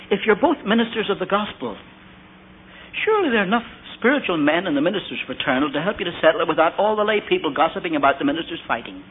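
A man's voice: a little high, slight background noise. Preacher man on a tinny old recording. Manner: storytelling with quoted asides and rhetorical questions. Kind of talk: sermon.

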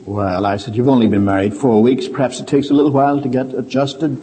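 An older man preaching a sermon, telling stories and swinging between quiet low asides and raised, emphatic points. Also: fast talker, few pauses. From Ireland. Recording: reverberant hall.

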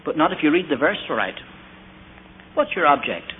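A fairly high-voiced man preaching a sermon, full of stories, quoted asides and rhetorical questions. The recording is thin and phone-like, with a light hiss underneath. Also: sing-song, moderate pace. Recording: tinny phone-like old recording.

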